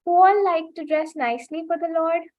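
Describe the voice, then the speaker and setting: A woman with a high voice teaches a children's class over a video call. She tells a story and often asks the kids if they follow along. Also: brisk, muffled recording. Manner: keeps asking "right?" to engage the children.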